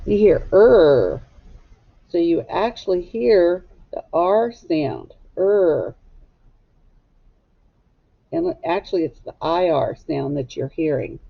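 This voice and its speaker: A woman teacher walks young children through a recorded phonics lesson, spelling each word slowly and deliberately. Her voice has a gravelly, creaky edge, and the recording sounds dull and lo-fi. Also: fairly low pitch.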